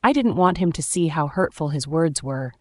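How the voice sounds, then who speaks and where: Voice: mid-range voice, animated, moderate pace, dry recording. A narrator reading a first-person romance story aloud with dramatic, emotional delivery.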